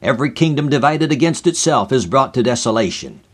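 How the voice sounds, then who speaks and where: A man's voice: medium pitch, lively intonation, husky. A man reading as a solemn mysterious stranger. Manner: archaic biblical phrasing, grave and measured. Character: solemn mysterious male stranger speaking scripture.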